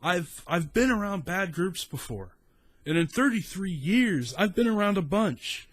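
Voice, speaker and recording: Man in his 30s, south texas accent, swearing storyteller, animated and rambling, dry close mic. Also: sits high, measured pace, dry recording. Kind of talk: casual story time.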